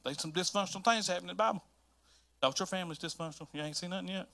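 A pastor from North Carolina with a Southern accent preaches a sermon, telling stories in an animated way and repeating phrases for emphasis. His voice is high-pitched and very fast, with vocal fry.

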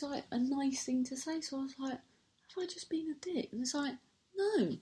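A woman's voice: medium pitch, creaky. A woman telling a story in casual chat, exasperated and swearing freely, often cutting herself off mid-sentence.

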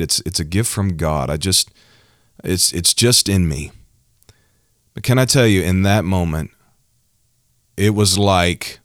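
A young preacher man with a very low voice gives a heartfelt testimony, pressing his points home by repeating phrases. He is recorded close and dry, with no room around him. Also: no room sound. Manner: emotional, emphatic, repeats phrases for effect. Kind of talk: personal testimony in a preaching style.

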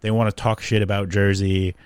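A man's voice: fairly low pitch, level tone, fairly quick, clear, resonant tone. A young man from the New York area, talking in a rambling, sarcastic way with lots of fillers in casual chat.

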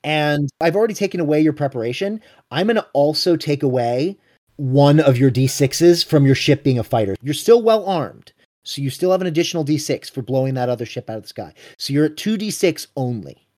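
A man running a tabletop role-playing game, narrating scenes and calling rolls in a brisk, matter-of-fact way. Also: a little high, animated, darkish tone. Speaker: game master.

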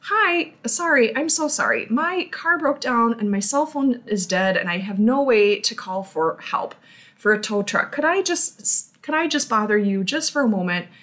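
A woman's voice: fairly high pitch, animated, moderate pace, a bit bright. A woman voicing a stranded stranger who asks for help in a hesitant, apologetic way.

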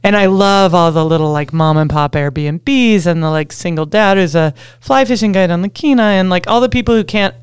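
Woman, casual storyteller, rambling, lots of fillers, smooth tone, dry close sound. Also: lowish voice, normal speed, hardly any pauses, no room sound. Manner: rambling, heavy use of "like", laughs often. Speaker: podcast guest, wilderness guide. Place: Alaska.

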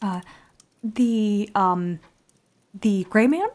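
A woman voicing a courteous, gently probing male adventurer. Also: mid-range voice, extremely slow. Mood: concerned.

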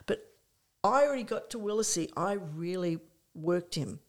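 Older aussie lady, interview guest, rambling lively story, lots of you knows, mid-pitched voice. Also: moderate pace. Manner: lively storyteller, acts out her own past thoughts, frequent "you know". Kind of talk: conversational anecdote.

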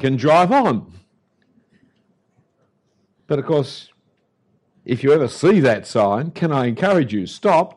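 A man's voice: on the high side, darkish tone. An older man with an Australian accent preaching a sermon as an Anglican pastor, emphatic and punchy, with dry humour.

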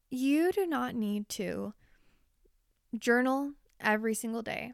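A woman's voice: fairly high pitch, creaky, no room sound, studio quality. A woman hosting a podcast, talking candidly and confessionally in a chatty way and swearing casually. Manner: chatty, with frequent fillers. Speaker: podcast host. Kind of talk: casual solo podcast monologue.

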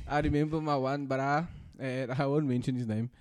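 A man's voice: mid-range voice, fairly even intonation, moderate pace. A young man in casual podcast chat, laid-back and hesitant, full of fillers and playful questions. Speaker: podcast co-host.

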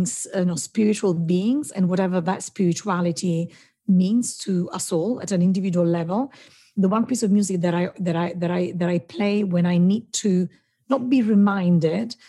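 A middle-aged woman talks as a podcast guest in a mellow, husky voice that sits a little low. She circles her thoughts, repeating and restarting phrases as she feels her way toward what she means. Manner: halting, restarts phrases while searching for words. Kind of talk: conversational interview.

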